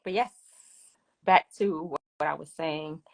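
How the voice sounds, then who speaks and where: A woman's voice: deep voice, a little slow, creaky. A woman hosting a casual live finance Q&A from her phone, chatty and laughing often. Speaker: finance livestream host.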